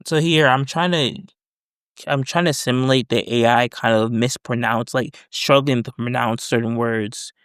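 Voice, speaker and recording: A man's voice: mid-range voice, steady tone, normal speed, fairly bright tone, clear, resonant tone, no echo, studio quality. A man casually explaining his screen as he works, rambling with self-corrections. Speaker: developer demoing voice prompts. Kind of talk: casual screen-recorded tutorial.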